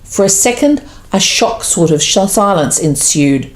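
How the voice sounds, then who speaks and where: A woman's voice: measured pace, roomy sound. A woman reading her own rhyming Christmas poem aloud, putting voices on the quoted characters. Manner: lively, voices quoted characters with raised pitch.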